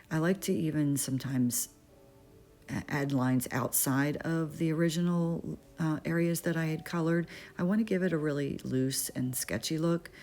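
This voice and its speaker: A middle-aged woman narrating a painting tutorial, talking it through as she works, relaxed and thinking aloud with small fillers and restarts. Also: very deep voice, gravelly. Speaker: art instructor. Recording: faint music behind.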